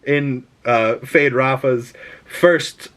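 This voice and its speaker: A man giving a casual, spoiler-filled movie review, chatty and excitable, swearing freely as he talks. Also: mid-range voice, very slow.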